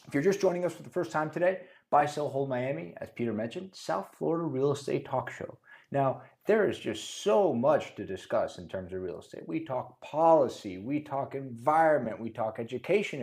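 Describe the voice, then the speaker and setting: A man moderating a real estate podcast, joking around and explaining things in a casual, lively way. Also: mid-range voice, normal speed. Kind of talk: casual chat. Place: studio.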